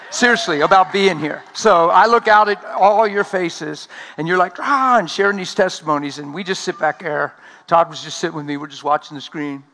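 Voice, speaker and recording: A man preaching an energetic sermon at a conference, talking fast and laughing along the way. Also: a little high.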